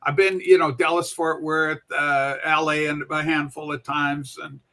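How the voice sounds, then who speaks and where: A woman's voice: low-pitched, flat delivery, measured pace, fairly bright tone. A woman in her seventies hosting a livestream show, chatting in a rambling, folksy way and swearing casually.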